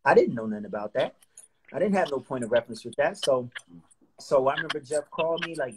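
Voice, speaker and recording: A middle-aged man from New Jersey, a singer-songwriter guest telling stories in a casual, animated way and acting out quotes in slang. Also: mid-range voice, quick pace, background noise. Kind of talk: casual storytelling interview.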